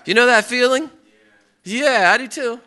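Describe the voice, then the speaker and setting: A man's voice: extremely high pitch, moderate pace. A middle-aged man preaching a sermon, acting out people's outbursts and prayers as he speaks. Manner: animated, acts out quoted people and prayers.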